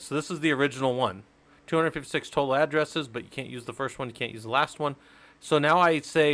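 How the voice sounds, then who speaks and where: A man's voice: a little high, fast talker, fairly bright tone. A man teaching networking on a casual live stream, explaining step by step and joking with his viewers. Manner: chatty, explains step by step, jokes with chat. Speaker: live-stream Linux instructor.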